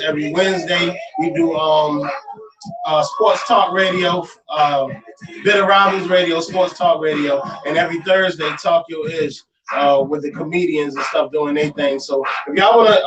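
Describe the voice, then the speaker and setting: A man's voice: a little high, reverberant. A man co-hosting a talk show, giving loose, repetitive plugs with many fillers. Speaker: co-host. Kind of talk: casual talk show chat, promo plugs. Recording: distant mic with music behind.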